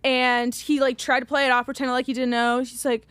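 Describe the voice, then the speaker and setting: A woman's voice: high voice, little pitch movement, fairly quick, a bit bright, smooth, no echo. A young woman co-hosting a podcast, telling a story in casual chat and acting out the quotes, swearing freely. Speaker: podcast co-host.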